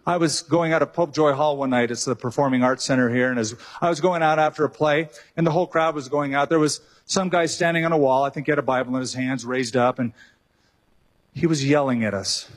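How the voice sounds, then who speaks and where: Husky, animated male preacher. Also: on the high side. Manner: animated preacher, joking asides and acted-out quotes. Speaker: pastor. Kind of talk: sermon.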